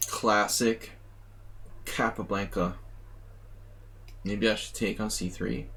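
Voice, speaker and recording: Guy streaming chess, low voice, mutters his thinking out loud, pokes fun at himself. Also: steady tone, slow, gravelly. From United States. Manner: muttering, thinking aloud, self-mocking. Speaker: chess streamer playing a simul. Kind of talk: live commentary while playing.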